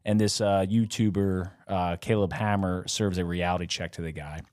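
A man's voice: low voice, steady tone, moderate pace, darkish tone, no room sound, studio quality. A man co-hosting a casual podcast, rambling and joking at himself, full of fillers and restarts. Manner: rambling, self-mocking, fillers and laughs. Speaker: podcast co-host. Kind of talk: casual chat.

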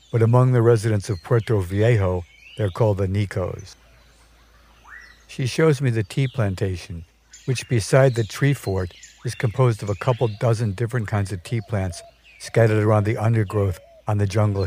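A man narrating a scripted personal story for his podcast, measured and dryly wry. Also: lowish voice, a little mellow.

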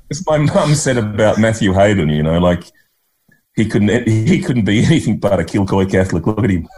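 A man's voice: on the low side, lively intonation, normal speed, over music. A middle-aged Australian man from Queensland, a guest telling rambling, chuckling anecdotes and mimicking people in a casual interview.

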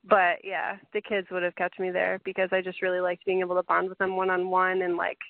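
A woman's voice: lowish voice, monotone, a little fast, creaky. A woman who is a teacher, chatting as a podcast guest, giggly and upbeat. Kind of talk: casual chat. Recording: dry, phone-like sound.

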